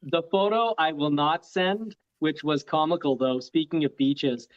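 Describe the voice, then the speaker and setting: A man's voice: on the high side, a little slow, no room sound, muffled recording. A man telling funny stories as a guest in a casual chat. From Canada. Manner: jokey storyteller, dry humor.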